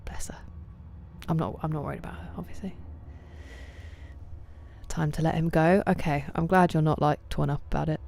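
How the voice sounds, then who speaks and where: Low, mellow-voiced woman streamer. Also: steady tone, normal speed, gravelly, long pauses. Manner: chatty, greets and answers chat by name, often drops to soft near-whispers. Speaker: game streamer. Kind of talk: casual live-stream chat while gaming.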